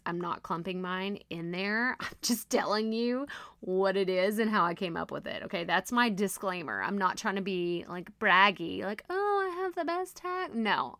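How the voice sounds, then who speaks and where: Bright-voiced chatty woman podcaster. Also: medium pitch, no room sound, studio quality. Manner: chatty, animated, self-deprecating. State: voice strained and going hoarse. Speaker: podcast host and coach. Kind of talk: casual solo podcast teaching.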